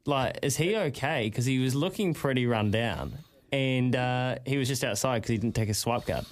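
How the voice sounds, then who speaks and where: A man's voice: mid-range voice, expressive, normal speed. A man co-hosting radio, telling stories in a chatty way and filling his talk with "like". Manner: chatty storyteller, says like a lot. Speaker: radio co-host. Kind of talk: casual radio banter. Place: radio studio.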